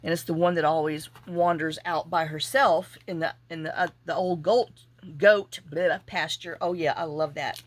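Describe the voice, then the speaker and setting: A woman hosting a crafting vlog, chatting casually and telling a rambling, animated story with asides while she works. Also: low voice, moderate pace, no room sound. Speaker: junk journaling channel host.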